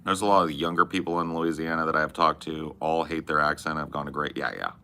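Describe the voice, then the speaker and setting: A man's voice: extremely low pitch, fairly even intonation, quick pace, sharp tone, a little hiss or hum. A man with a Californian accent hosting a podcast, chatting loosely with casual swearing and lots of "bro" and "man". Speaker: podcast host.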